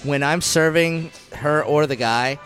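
A man's voice: a little high, unhurried, fairly bright tone, soft background music. A man who works as a bartender, chatting casually in a profane, rambling way and repeating himself. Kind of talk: casual chat.

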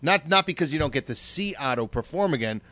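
A man's voice: a little high, expressive, fast, sharp tone, no room sound. A man co-hosting a radio talk show, telling a rambling, emotional story with plenty of profanity. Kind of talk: casual podcast chat.

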